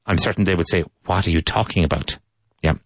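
An Irish man teaching English, repeating each phrase slowly and clearly for learners in a relaxed lesson monologue. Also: deep voice, dry recording. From Ireland.

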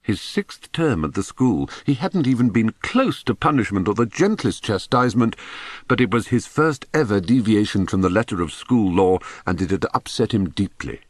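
A middle-aged man reading his own memoir aloud with wry, expressive storytelling. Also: fairly low pitch, normal speed, dry recording. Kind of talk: audiobook narration.

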